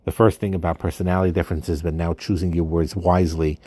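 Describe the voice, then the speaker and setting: Low-voiced guy chatting marriage tips, lots of uh and um. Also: flat delivery, fast talker, warm tone, no echo. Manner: hesitant, many fillers and restarts. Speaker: podcast host giving marriage advice. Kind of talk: casual advice talk.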